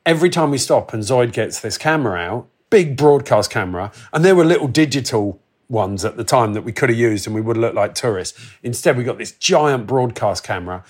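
A man in his forties, telling a wild travel story in casual chat, animated and swearing, acting out the voices of the people in it. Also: medium pitch, a little fast, hardly any pauses, husky. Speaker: podcast guest telling travel stories.

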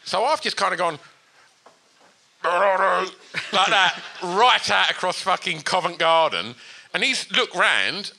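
A man's voice: sits high, moderate pace, creaky. A man, co-hosting a podcast recorded live in front of an audience, telling stories with lots of swearing and laughter. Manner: animated, sweary, laughing storyteller. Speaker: podcast co-host.

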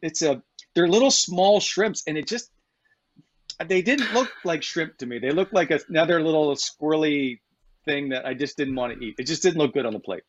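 A man with a slightly high voice co-hosts a podcast, chatting casually and spinning a story with easy laughs. His voice sounds dull and lo-fi, and very dry with no room at all. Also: expressive, normal speed, dry recording. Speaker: podcast co-host. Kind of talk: casual chat.

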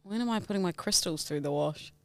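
A woman's voice: fairly low pitch, no echo, clean studio sound. A woman co-hosting a comedy podcast, telling stories playfully and laughing easily. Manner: playful storyteller, quick laughs. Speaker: podcast co-host. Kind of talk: casual comedic chat.

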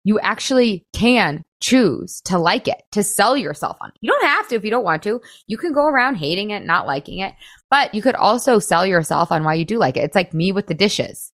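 A woman's voice: medium pitch, very animated, brisk, fairly bright tone, no room sound, studio quality. A woman weight-loss coach talking to her listeners in a chatty, upbeat way, often saying "like" and laughing. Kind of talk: casual coaching talk.

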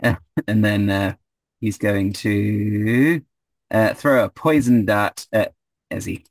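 Man, game master, tabletop game, low voice, hesitant fillers, dry close mic. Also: steady tone, takes it slowly, dry recording.

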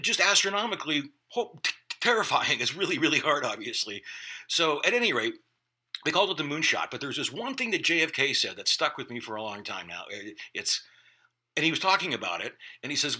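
A middle-aged man talks as a podcast host, his pitch swinging widely as he jokes about himself, laughs easily and swears without care. His voice has a sharp, very bright edge. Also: husky. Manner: jokey, self-mocking, swears freely, laughs often. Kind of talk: casual podcast monologue and interview.

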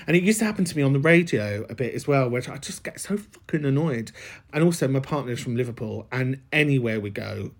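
A man's voice: medium pitch, lively intonation, brisk. A man with a London accent hosting a podcast, responding to a caller in a camp, laughing, sweary way. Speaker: podcast host. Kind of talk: casual podcast chat.

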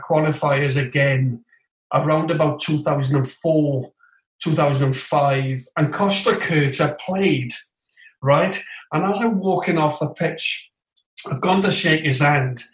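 A man as an interview guest, telling football anecdotes in an animated way and acting out other voices, recorded remotely. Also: a little high. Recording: roomy echo, distant from the mic.

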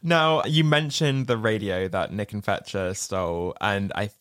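A man's voice: lowish voice, measured pace, no echo, studio quality. A man co-hosting a podcast, chatting casually about a film with a playful, laughing manner. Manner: animated, laughing, playful quoting. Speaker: podcast co-host. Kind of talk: casual film review chat.

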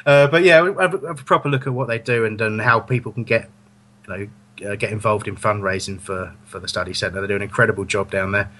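A man's voice: lowish voice, fast talker, sharp tone. A man hosting a casual football fan podcast, rambling and correcting himself as he goes. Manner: rambling, self-correcting, chuckling. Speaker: podcast host.

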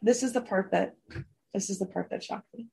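A woman's voice: mid-range voice, a little fast, creaky, darkish tone, slightly rough. A woman co-hosting a gossip podcast, chatting casually and going through her notes. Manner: chatty, reads from notes with laughs. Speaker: podcast co-host.

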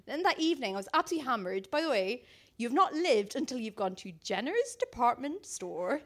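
An Irish woman with a high, bright voice tells a story in casual talk. Her pitch leaps up and down, and she slips into other people's voices as she goes. She swears freely and sounds animated throughout. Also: fairly quick. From Ireland.

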